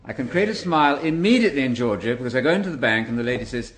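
A man's voice: medium pitch, lively intonation, rapid-fire. Older english guy, chatty and wry, keeps throwing asides at the room. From England. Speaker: guest speaker. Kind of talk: storytelling talk to an audience.

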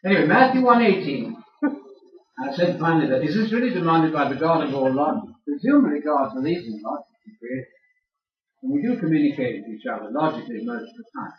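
A man's voice: fairly high pitch, sing-song, fast talker. An older man giving a sermon-style lecture, teasing his audience with questions. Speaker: speaker addressing a church audience. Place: large room with an audience. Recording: echoey room, far from mic, dull sound.

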